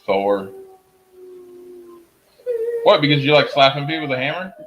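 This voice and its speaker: Playful man chatting live, lively pitch. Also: normal speed, lo-fi sound, background noise. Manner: playful and joking, laughs often. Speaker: livestreamer chatting with viewers. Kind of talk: casual live chat.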